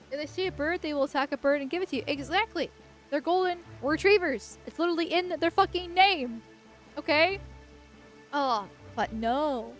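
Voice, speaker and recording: A woman's voice: high-pitched, animated, moderate pace, faint music behind. A woman streamer giving gameplay commentary in a crude, rambling way, swearing a lot.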